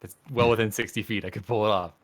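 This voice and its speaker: A man's voice: fairly low pitch, fairly even intonation, fast, no echo, clean studio sound. A man playing a tabletop game, chatting casually and joking at his own expense. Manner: joking, self-mocking. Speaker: player.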